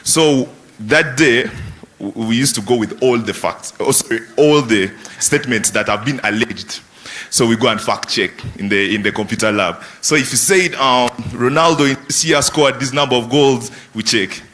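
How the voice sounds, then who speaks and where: A man at a summit recalling his school days, amused and a bit halting. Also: medium pitch, a bit bright. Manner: reminiscing, amused. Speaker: summit speaker.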